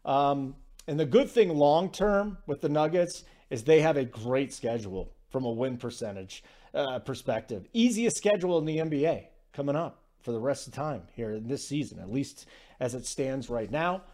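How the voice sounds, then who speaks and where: A man's voice: mid-range voice, expressive, normal speed, darkish tone. A man hosting a sports betting podcast in casual conversational talk, loose, with fillers and restarts.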